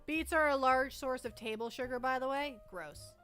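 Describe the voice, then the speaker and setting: A young Canadian woman chats loosely on a livestream, with a high voice that rings bright. She rambles and trips over her own words, and faint music plays underneath. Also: normal speed. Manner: rambling, chatty, self-interrupting. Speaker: livestream host. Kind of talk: casual chat with chat.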